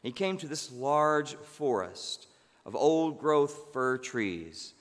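A male preacher tells a story in a slow, gentle manner with thoughtful pauses. His voice sits at a middling pitch. A long hall reverb trails behind his words. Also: expressive. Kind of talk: sermon storytelling.

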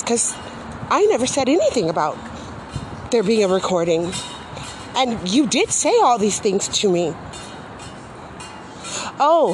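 An indignant woman in a heated, profane monologue. Her pitch swings widely as she vents. A loud hum of passing vehicles runs under her voice. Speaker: mother venting about social services. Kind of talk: angry monologue rant.

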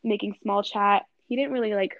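A woman's voice: medium pitch, steady tone, a little fast, no echo, phone-quality sound. A young woman telling a story in casual chat, giggling often and filling her speech with "like.". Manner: giggly, lots of fillers like "like".

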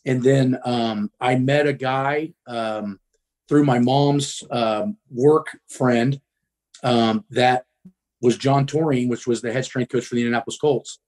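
A middle-aged man from the Midwest speaks as a guest, telling his story bluntly and casually. He swears freely, fills his pauses with ums, and sits at an ordinary male pitch. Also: fairly even intonation, a little mellow. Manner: blunt, profane, frequent ums.

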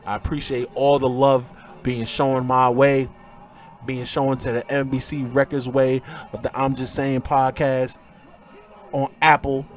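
A man's voice: mid-range voice, a little slow. A man hosting a podcast, re-calling a wrestling match with a choked-up, tearful tone. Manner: excited play-by-play shouting, then emotional and hushed. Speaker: podcast host.

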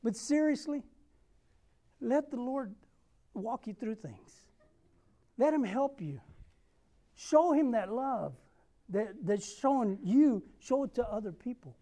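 A young man preaching a sermon, telling a personal story and acting out the dialogue with lively energy. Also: very high voice, takes it slowly, pauses often. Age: young adult. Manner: repeats a rallying question.

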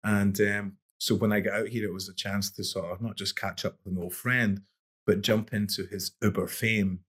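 Lowish, husky and fairly bright, this middle-aged man's voice stays level at a moderate pace. He's a boxing coach on a podcast, telling easygoing stories that ramble and restart frequently.

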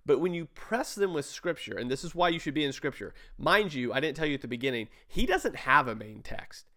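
A man's voice: on the high side, very animated, brisk, fairly bright tone. A man reviewing a sermon he plays in pieces, talking casually and critically, with restarts and asides. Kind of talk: casual commentary over a played sermon.

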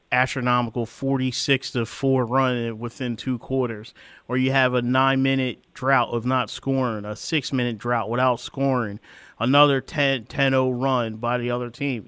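A man's voice: mid-range voice, a bit bright, clean tone, no room sound. A man hosting a casual sports podcast, talking emphatically and repeating phrases for effect as he vents. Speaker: podcast host.

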